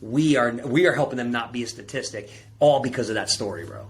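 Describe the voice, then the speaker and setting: A man's voice: medium pitch, a little fast. A man who is a performance coach, telling a personal story with intense, rising emotion as a podcast guest. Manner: intense, rising to near-shouting peaks, calls listener bro.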